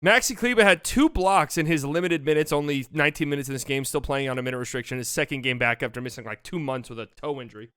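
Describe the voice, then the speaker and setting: A young man breaking down basketball highlights in a casual, excitable way, swearing freely. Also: fast, few pauses, smooth. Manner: excitable, swears freely, shifts into mock voices. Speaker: basketball commentary host.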